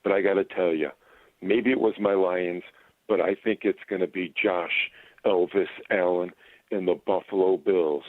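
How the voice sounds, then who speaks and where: A man's voice: low-pitched, fairly even intonation, moderate pace, no echo. A man from Michigan calling into a sports radio show, upbeat and full of motivational catchphrases. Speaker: caller. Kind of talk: call-in sports radio chat. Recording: tinny phone line.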